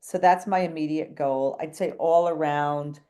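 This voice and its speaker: A woman's voice: deep voice, steady tone, a little slow, dark tone. Chatty New woman telling a story. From New England. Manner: chatty, jumps between thoughts, acts out quoted dialogue. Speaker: real estate agent, podcast guest. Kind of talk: animated storytelling in a podcast interview.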